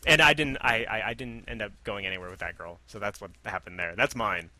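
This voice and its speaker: Wry young man, very bright voice. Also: lowish voice, a little fast, no echo. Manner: wry, laid-back storyteller with awkward humor. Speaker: podcast co-host. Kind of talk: casual chat.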